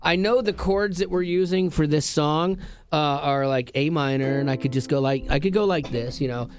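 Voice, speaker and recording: High-voiced, joking male radio host. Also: moderate pace. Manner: joking, self-deprecating. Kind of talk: playful morning radio chat. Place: radio studio. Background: ukulele playing.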